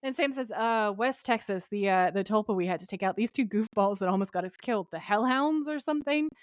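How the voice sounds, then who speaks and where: A woman's voice: mid-range voice, a little fast, no echo, studio quality. A woman co-hosting a podcast, recapping an episode in casual chat and acting out characters' lines. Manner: animated, quoting characters in voices. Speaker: podcast co-host.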